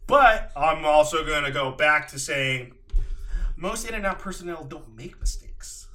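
A man's voice: fairly high pitch, lively intonation, unhurried, bright, forceful tone. A young man co-hosting a podcast in casual chat, cracking jokes and tossing in short reactions. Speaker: podcast co-host.

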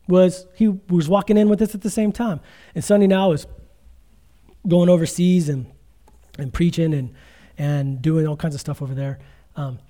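A man's voice: on the high side, mellow. A middle-aged man preaching a conversational sermon as pastor, telling stories with quoted asides.

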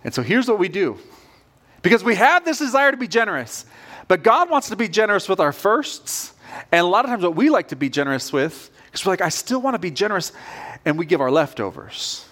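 A man's voice: sits high, sing-song, a little fast, fairly bright tone. A man preaching a sermon as pastor, earnest and direct in a conversational way.

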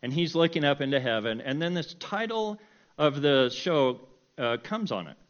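A middle-aged man telling a personal story in a sermon, animated and self-mocking, often breaking into laughter. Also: on the high side, moderate pace, muffled recording. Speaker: preacher.

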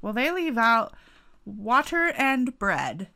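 A woman's voice: fairly high pitch, very animated, slow pace, sharp tone. A woman co-hosting a podcast in casual chat, full of playful mock outrage and frequent laughter. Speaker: podcast co-host.

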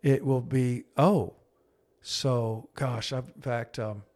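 A middle-aged man co-hosting a podcast, telling a counseling story in an earnest, halting way and acting out quoted speech in a low, hushed voice. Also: fairly even intonation. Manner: earnest, halting, with frequent restarts and fillers. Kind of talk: conversational storytelling.

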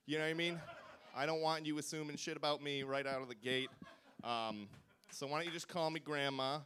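A man's voice: fairly high pitch, steady tone, a little fast, a bit bright, a little hiss or hum. A man riffing as a comedian contestant on a club stage, rambling and wry. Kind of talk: stand-up riffing.

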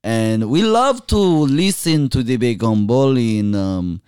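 A man doing a put-on Israeli accent, playing a grandiose figure who praises a podcast like a prophet in a slow, preachy way. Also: medium pitch, animated, darkish tone, clean tone, no echo, clean studio sound. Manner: slow, drawn-out and preachy, rising into sing-song. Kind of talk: comedic impression on a podcast.

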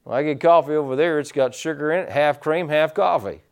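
A man preaching a sermon as pastor, folksy, telling stories and swinging his loudness up and down, from the United States. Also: a little high, a little fast, clear, resonant tone. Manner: folksy storytelling preacher, rising and dropping loudness.

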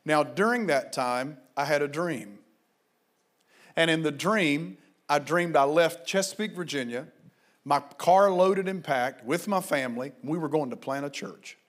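With a fairly high voice and a slightly slow pace, this male pastor exhorts his listeners fervently. His sermon moves between shouted passages and quietly told stories.

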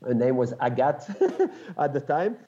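A man's voice: mid-range voice, unhurried. French man telling stories, muffled sound. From France. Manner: animated, acts out voices in his stories, laughs often. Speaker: guest, former pro mountain biker. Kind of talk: casual storytelling.

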